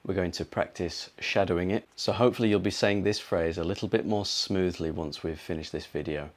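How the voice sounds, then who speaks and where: A British man teaching a pronunciation lesson, explaining slowly and repeating words to model them. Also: deep voice, fairly even intonation. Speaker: English teacher.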